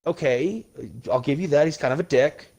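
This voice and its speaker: Heated and profane, a podcast host goes on a blunt, casual political rant. His slightly high voice is a little mellow and moves at a normal pace, though the audio sounds dull.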